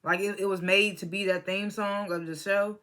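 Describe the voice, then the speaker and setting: A young adult vlogger reviews a reality show reunion in loose, blunt commentary, full of swearing and side-tracks. The voice sits at a middling pitch with a bright, sharp edge. The talk wanders, restarts and circles back on its points. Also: steady tone, normal speed. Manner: blunt, opinionated, profane; rambling with restarts and asides. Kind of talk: casual vlog commentary.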